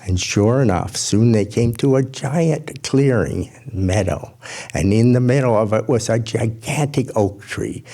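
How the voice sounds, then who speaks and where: A man telling a folk tale to a gathering, in a measured, gentle storytelling manner. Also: mid-range voice.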